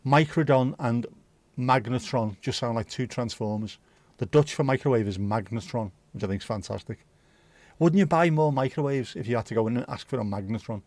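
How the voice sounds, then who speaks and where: A man's voice: medium pitch, a little fast, a little mellow, no room sound. A man hosting a livestream, chatting casually and answering viewer comments in a blunt, opinionated way, swearing freely. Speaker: livestream host.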